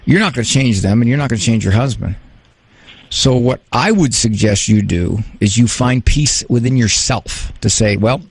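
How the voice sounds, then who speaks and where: A man's voice: medium pitch, expressive, normal speed, husky, dry recording. A man hosting a call-in advice show, giving frank, emphatic counsel to a caller. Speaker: radio advice host.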